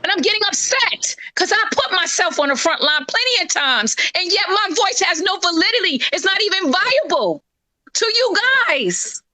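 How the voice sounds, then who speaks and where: A woman speaks in a strikingly high, bright voice, driving her points home with fervent, lecturing intensity. She talks as a live-stream co-host, and her voice sounds close and dry. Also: lively intonation, normal speed, few pauses, dry recording. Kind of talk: impassioned live-stream talk.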